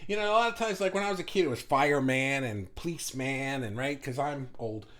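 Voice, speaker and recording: A man's voice: medium pitch, fast talker, a bit bright. A middle-aged man hosting a casual livestream for an online group. He talks in a rambling, chatty way and restarts his sentences often.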